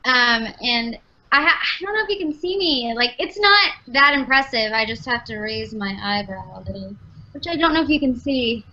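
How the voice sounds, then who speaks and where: A woman's voice: on the high side, animated, normal speed, pushed and bright. A woman voice actress chatting as a guest on a fan podcast, laughing easily. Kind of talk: casual podcast chat. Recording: dull lo-fi stream audio.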